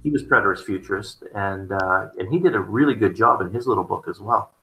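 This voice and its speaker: Echoey, bright-voiced man musing on theology. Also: on the low side, fairly quick, a little hiss or hum. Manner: rambling, repeats words, chuckles often. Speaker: theology discussion partner. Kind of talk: casual conversation.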